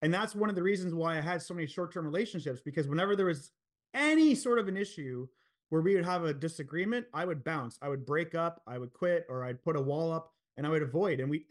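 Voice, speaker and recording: On a podcast interview, a man in his forties shares his story in an open, sincere way, full of swearing and filler words. He talks fast, with a higher-pitched voice and lively intonation.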